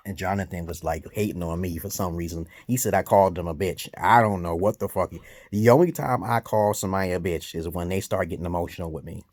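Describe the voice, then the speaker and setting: A man ranting in a commentary vlog, profane and heated, jumping from shouted outbursts to low mutters. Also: quick pace, dry recording. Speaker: vlogger giving dating advice.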